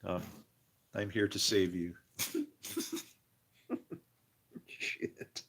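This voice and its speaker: A man's voice: deep voice, steady tone, very slow, a bit bright, breathy edge. A man on a rambling live stream, exasperated, swearing and laughing as he talks to his viewers. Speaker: streamer studying scripture.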